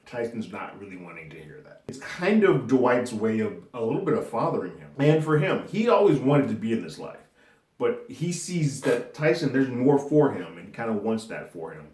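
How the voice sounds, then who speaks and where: A man's voice: medium pitch, very animated, normal speed, a little mellow. A man giving a loose, conversational recap of a TV episode, chuckling now and then as he talks it through. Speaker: movie and TV reviewer. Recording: roomy echo.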